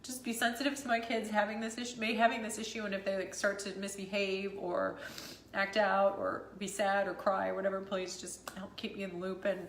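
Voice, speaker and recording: A woman's voice: mid-range voice, level tone, fairly quick, reverberant, slight background noise. A woman in her thirties, a mother vlogging about a hard day, emotional and rambling, teary and laughing at herself. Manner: tearful, rambling, self-deprecating, laughs through it. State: teary after crying. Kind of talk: emotional personal vlog.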